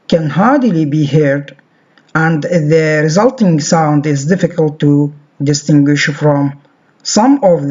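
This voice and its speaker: A man's voice: a little high, a little mellow. A man giving a recorded phonetics lecture, reading from a textbook and repeating example words over and over. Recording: dull lo-fi recording.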